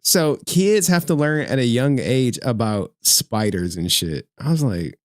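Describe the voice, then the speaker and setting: Guy streaming and just chatting, swearing and laughing a lot, really animated voice, dry sound. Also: mid-range voice, normal speed, hardly any pauses, no room sound. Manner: laughs often, slangy and profane, talks to chat. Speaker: streamer host. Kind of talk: casual livestream chat.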